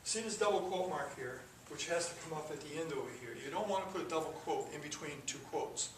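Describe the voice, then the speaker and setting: A man's voice: fairly high pitch, quick pace. A man teaching a classroom coding lesson, talking through the code step by step with casual asides. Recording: echoey classroom from far off with noise.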